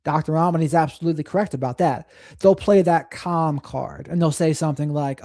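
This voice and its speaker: A man's voice: on the high side, fairly quick, warm tone, no room sound, studio quality. A man hosting a live stream, commenting on clips in a reflective way and reading and thanking viewers from the chat.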